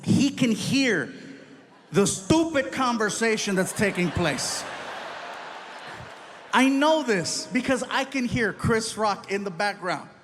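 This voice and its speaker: A male comedian with a fairly high voice performs a stand-up story on stage. He is animated and expressive, slipping into character voices and shouting the big moments. A faint hum sits under the recording. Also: slow pace, pauses often.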